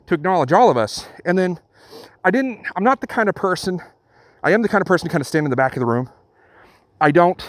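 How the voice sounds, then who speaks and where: A middle-aged man narrates a personal story for his channel in an earnest, halting way, often restarting his sentences. His voice sits a touch higher than most men's. The sound is dry and close, with no room around it. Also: no echo. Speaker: channel host. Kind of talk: storytelling vlog.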